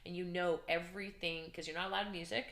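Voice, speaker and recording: Animated woman with a bright, echoey voice. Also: on the low side, fast. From Canada. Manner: animated, acts out shouts and inner voices; emotional, earnest. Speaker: podcast guest, business coach. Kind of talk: candid interview storytelling.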